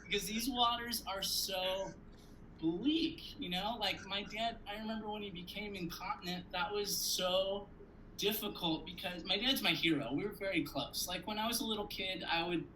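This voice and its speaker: A man telling comic family stories on a conference panel, animated and profane, jumping to loud high outbursts when he acts out scenes. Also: moderate pace, slight background noise, rough recording. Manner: profane, conversational, frequent "like". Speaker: comedian panelist.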